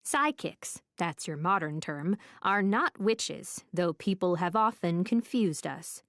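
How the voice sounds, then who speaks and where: A woman voicing a kindly, matter-of-fact old woman psychic in an audiobook, speaking slowly and soothingly. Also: on the low side, animated, a bit bright, no room sound, studio quality, full character voice. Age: older. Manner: slow, soothing, motherly, calls everyone dear.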